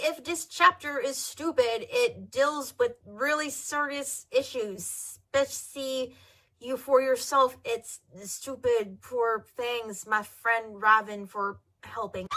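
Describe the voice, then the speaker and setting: A woman's voice: sits high, a little slow, pushed and bright. A young woman giving a theatrical, comedic reading, with laughing asides and sarcastic commentary, over background music. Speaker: reader. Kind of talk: comedic dramatic reading of fan fiction.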